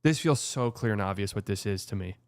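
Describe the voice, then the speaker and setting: A man's voice: on the low side, animated, fairly quick, a little mellow, clear, resonant tone, dry recording. Sarcastic man talking sports, dry sound. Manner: sarcastic, blunt, swears freely. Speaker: host. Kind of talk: casual sports commentary.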